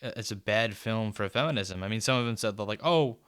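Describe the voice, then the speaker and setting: A man talks through a book review in a loose, rambling way, swearing casually and slipping into sarcasm. His voice is smooth and clear, and the sound is dry and close. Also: fairly low pitch, fairly even intonation, a little fast, a bit bright, no room sound.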